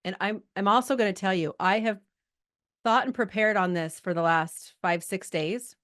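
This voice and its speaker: A middle-aged woman coaching a group over a video call, chatty and lively, holding back tears at times. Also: medium pitch, moderate pace. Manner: chatty, lively, talks to the chat audience. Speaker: life coach hosting a live group call. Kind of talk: casual coaching talk.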